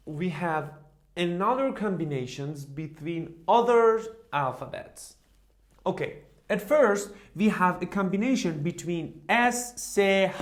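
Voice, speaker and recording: Slow, patient male language teacher. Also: high voice, a bit bright. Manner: slow drilling with constant "okay?" and "huh?" checks; repeats each word for the learner to echo. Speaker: German teacher. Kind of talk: beginner language lesson.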